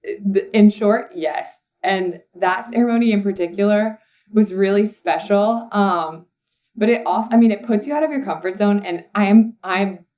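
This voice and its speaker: In a casual interview chat, this young woman guest, who works as an assistant and content writer, rambles through a story with lots of fillers and giggles. She talks at normal speed in a mid-range, dark-toned voice.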